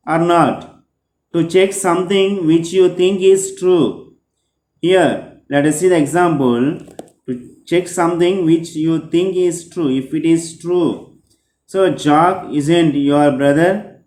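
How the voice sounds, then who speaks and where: A male teacher giving a grammar lesson, explaining slowly and repeating himself, often starting with "so". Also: on the high side, darkish tone, reverberant. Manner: slow, repetitive explaining with frequent "so".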